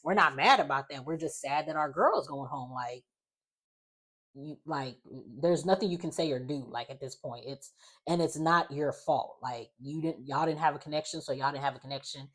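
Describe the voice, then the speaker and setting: A woman talks through a reality episode in a loose, chatty vlog. She fills her sentences with "like" and slips into animated quoted voices. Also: sits low, moderate pace. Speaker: recap vlogger. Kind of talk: casual reality TV recap.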